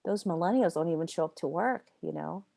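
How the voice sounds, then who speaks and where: Yoga teacher-training instructor, woman with a lowish voice, chatty and emphatic, answers students by name. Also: a little fast, creaky, mellow. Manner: emphatic, repeats phrases for effect, laughs often. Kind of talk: live online class lecture.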